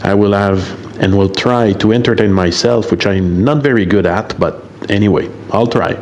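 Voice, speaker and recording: Halting French-Canadian man in his fifties. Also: fairly low pitch, a little mellow, slight background noise. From Quebec, Canada. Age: 50s. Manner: halting, hesitant, many fillers, apologetic. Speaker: guest sending a recorded message to a radio show. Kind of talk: self-recorded voice message.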